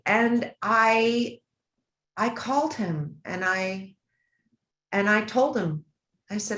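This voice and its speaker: A woman's voice: mid-range voice, slow pace, pauses often, fairly bright tone. A middle-aged woman recounts a family story as an interview guest, her voice emotional and earnest. She stumbles and restarts often. The sound carries a roomy echo from an event hall. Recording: roomy, echoey room.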